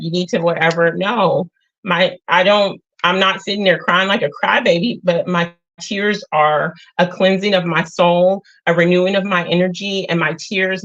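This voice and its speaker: A woman with a lowish voice hosts a casual spiritual livestream. She talks earnestly and without hurry, often pausing on filler sounds. The audio is dull and lo-fi, like a webcam mic. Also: a bit bright. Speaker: livestream host.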